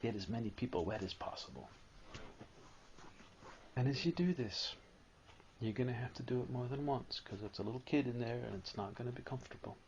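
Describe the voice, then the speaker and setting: A man giving a live spiritual talk to an audience, animated and storytelling, at times acting out a whining child. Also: mid-range voice, a little fast, long pauses, muffled recording, slight background noise.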